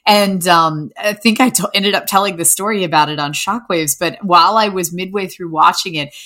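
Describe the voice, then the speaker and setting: A woman's voice: on the low side, moderate pace, fairly bright tone. A middle-aged woman co-hosting a podcast in casual film chat, telling stories in an easygoing way. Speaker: podcast co-host.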